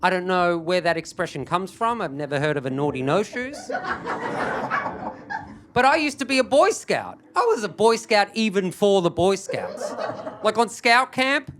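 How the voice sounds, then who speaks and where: A man doing stand-up, telling a self-mocking story with animated, building energy. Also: high voice, noisy background. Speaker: stand-up comedian. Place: live comedy stage.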